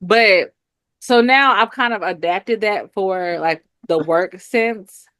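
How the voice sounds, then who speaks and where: A woman in her thirties with a Southern US accent, talking in a relaxed chat. She laughs easily and acts out other people's lines as she tells a story. Her voice sounds close and dry, with no room around it. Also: medium pitch, slow pace, no echo. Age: 30s. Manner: laughing, animated storytelling with acted quotes. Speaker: co-host. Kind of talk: casual chat.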